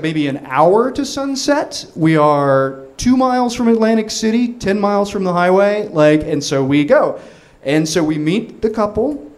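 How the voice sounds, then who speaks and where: A man telling a comic personal story, rambling and animated, with lots of restarts and fillers. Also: sits high.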